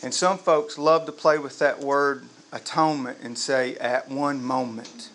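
A man preaching a sermon to a live congregation, lively and humorous, quizzing the crowd. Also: on the high side, normal speed, a little hiss or hum. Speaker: pastor.

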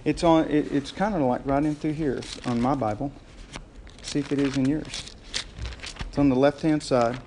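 A man preaching a sermon as pastor, telling the story in a lively way with frequent laughs and rhetorical questions. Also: mid-range voice, moderate pace, noisy background.

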